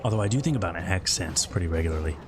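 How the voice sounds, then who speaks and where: A man from the Midwest with a slightly scratchy throat, chatting casually and a bit loudly into a close mic while streaming a game. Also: low-pitched, rapid-fire. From American Midwest. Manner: relaxed, rambling, talks a bit loud into the mic. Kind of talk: casual chat while gaming.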